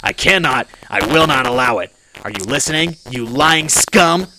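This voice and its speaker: Man doing a gruff old mob-boss politician. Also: medium pitch, expressive, moderate pace, sharp tone, slight background noise, low-quality recording. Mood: angry commanding. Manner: gruff, commanding, threatening.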